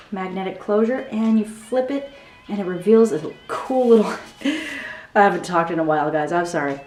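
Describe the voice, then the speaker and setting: A woman hosting a craft tutorial, walking through her handmade album with excited, gushing talk and a frequent "okay?". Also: fairly low pitch. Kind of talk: enthusiastic product walkthrough. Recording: echoey room with soft background music.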